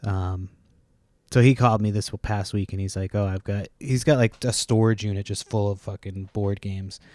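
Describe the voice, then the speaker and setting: A man's voice: fairly low pitch, fairly even intonation, normal speed, a little mellow, dry recording. A man hosting a podcast, telling a rambling story full of swearing, restarts and asides. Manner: profane, rambling, self-interrupting storyteller. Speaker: podcast host. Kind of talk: casual rambling monologue.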